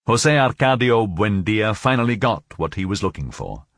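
A man narrating a novel as an audiobook, in a measured, expressive storytelling manner. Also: fairly low pitch, no room sound, clean studio sound.

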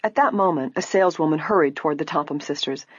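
A woman narrating a story in a steady storytelling manner, in a slightly muffled recording. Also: low voice, fast, breathy edge, no echo. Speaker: audiobook narrator. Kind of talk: scripted narration.

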